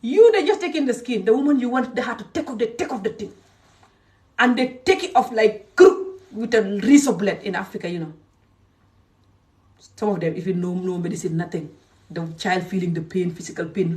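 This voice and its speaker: A woman from Gambia giving an angry, emphatic rant to her followers, swinging between loud outbursts and low muttering. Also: normal speed, distant mic. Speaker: social media creator. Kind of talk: angry direct-to-camera rant.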